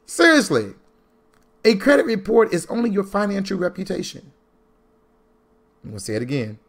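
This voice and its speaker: A man giving a sermon-style talk on money, preacherly and animated, repeating lines for emphasis and swinging from low asides to loud bursts. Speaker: Christian financial teacher.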